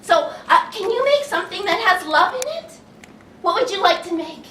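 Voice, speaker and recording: A woman giving an animated talk to an audience, playful and exaggerated, gasping and laughing as she acts out feelings. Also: very high voice, moderate pace, far from the mic, a little hiss or hum. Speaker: children's educator giving a talk. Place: large room with an audience. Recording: echoey room recorded from afar, faint ambience.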